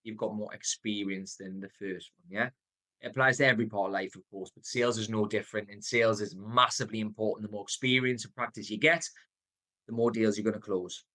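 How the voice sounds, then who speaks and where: A man's voice: on the low side, fairly even intonation, sharp tone. Geordie man, emphatic sales coach. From North East England. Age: 30s. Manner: varies tone and pace, deliberate pauses, emphatic. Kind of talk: motivational coaching talk.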